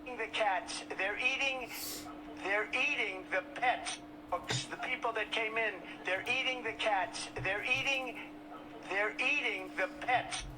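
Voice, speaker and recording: A man's voice: sits high, takes it slowly. Man repeating himself over a noisy clip. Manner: repetitive, insistent phrasing. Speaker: political speaker in a played clip. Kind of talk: debate soundbite.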